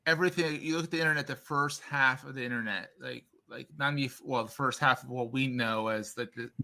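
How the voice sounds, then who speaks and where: A man hosting a podcast interview, joking and quick to affirm his guest in casual chat. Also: mid-range voice, bright, forceful tone. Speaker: podcast host.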